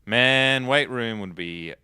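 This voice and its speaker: A man's voice: mid-range voice, takes it slowly, pushed and bright, clean tone, no room sound, clean studio sound. A man giving casual gameplay commentary, chatting and musing aloud to himself as he plays. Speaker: let's play host.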